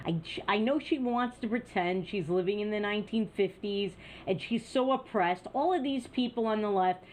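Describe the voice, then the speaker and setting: A woman's voice: medium pitch, moderate pace, a little mellow, a little hiss or hum. A woman hosting an opinion news show, talking in a scornful, sarcastic way. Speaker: news commentary host. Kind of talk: opinion commentary.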